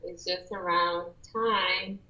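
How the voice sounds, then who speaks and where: A man voicing a bored, curt therapist who answers flatly and dismissively. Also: high voice, slow, highs cut off, voice pushed up, full character voice. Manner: flat, dismissive, yawning.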